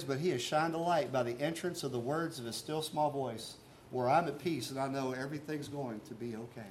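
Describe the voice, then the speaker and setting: A man's voice: mid-range voice, a little fast, hardly any pauses, a little hiss or hum. A man preaching a sermon as pastor, talking earnestly and conversationally and asking his listeners rhetorical questions.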